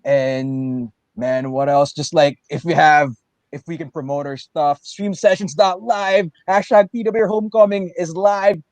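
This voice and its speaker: A man who is a pro wrestler, co-hosting a casual livestream chat over a video call, excitable and animated. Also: a little high, measured pace, no echo. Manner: excitable, animated, jumps between loud and soft.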